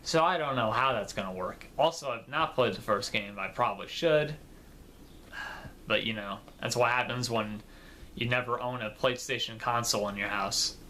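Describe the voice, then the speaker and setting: Bright-voiced man rambling about games. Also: medium pitch, normal speed, slight background noise. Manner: rambling and informal, with fillers and casual swearing. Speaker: gaming video creator. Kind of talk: casual commentary vlog.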